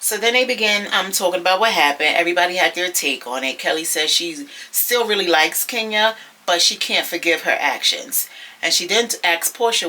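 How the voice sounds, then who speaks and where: A sassy, gossipy woman recaps a reality episode to her viewers. Her voice sits low but rings bright and sharp. She talks in a loose, chatty way, full of "you know" and "y'all.". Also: poor audio. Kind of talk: casual recap commentary.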